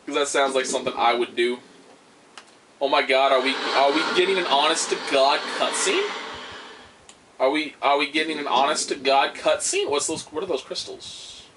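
A young let's-play commentator rambles casually over the game he's playing, joking, swearing and tossing in silly asides as game music plays behind him. His voice sits on the high side, a bit bright, at normal speed. There's a little hiss or hum.

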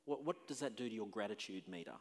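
A man preaching a sermon as pastor, emphatic, with loud exclamations and quiet questions. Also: fairly low pitch, lively intonation, fast talker. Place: church sanctuary. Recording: long reverb of a church hall.

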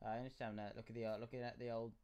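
A man giving excitable, chatty commentary as he livestreams a game, muttering sing-song to himself. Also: mid-range voice, racing. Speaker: gaming livestreamer. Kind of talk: live gameplay commentary. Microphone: desk mic, no headset. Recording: game sound clearly behind the voice.

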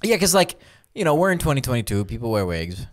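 A young man co-hosts a casual podcast chat, speaking fast in a mid-range voice. He laughs through his stories, swears heavily, and acts out the people he quotes with animated voices.

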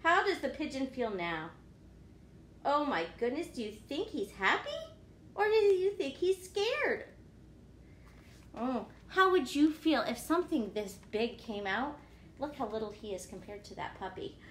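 A woman teacher reading a picture book aloud to children, animated and often asking them questions. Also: high voice, measured pace, slight background noise. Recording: echoey room.

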